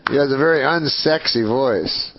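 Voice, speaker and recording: A man from Canada, a talk show guest, telling a story in a deadpan, rambling way full of fillers. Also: mid-range voice, normal speed, muffled recording, very noisy. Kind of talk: casual chat.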